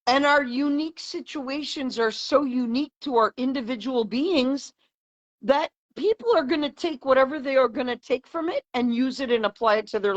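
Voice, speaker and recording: A woman hosting a heartfelt talk, speaking earnestly and leaning on repeated phrases. Her voice sits a little high. The recording sounds dull and lo-fi. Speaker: host. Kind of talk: heartfelt conversation.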